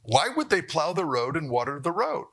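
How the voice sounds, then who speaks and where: A man giving a university economics lecture, animated, with jokey asides and rhetorical questions to the audience. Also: fairly high pitch, moderate pace. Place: lecture hall.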